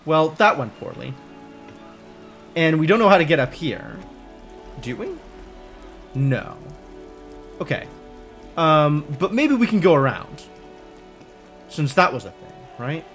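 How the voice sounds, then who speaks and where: A man streaming a video game live, musing aloud as he plays. His voice sits a bit high and swings widely in pitch. He rambles, jokes with himself and reacts out loud. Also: takes it slowly, pauses often, faint music behind. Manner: animated, rambling, self-amused. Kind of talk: live gameplay commentary.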